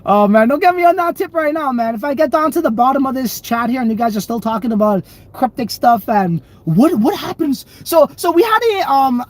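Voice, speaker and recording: Livestream host, male: loose and profane, laughs a lot while riffing on the chat. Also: extremely high pitch. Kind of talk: casual livestream chat reading viewer comments.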